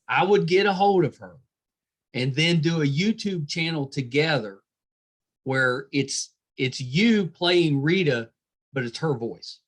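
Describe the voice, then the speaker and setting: Husky, lively-voiced podcast host. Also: male voice, a little high, slow. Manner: easygoing, jokey. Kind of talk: casual interview chat.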